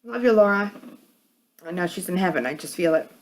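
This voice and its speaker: Low-voiced New York woman vlogger. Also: expressive, fairly quick. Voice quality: hard, edgy voice. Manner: rambling, many fillers and restarts. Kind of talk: casual chat.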